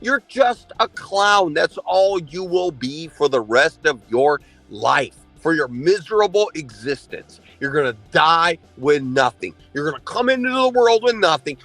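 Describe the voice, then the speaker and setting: A man's voice: sits high, very animated, unhurried, few pauses, fairly bright tone, no echo, soft background music. A man livestreaming an angry, profane, insulting rant.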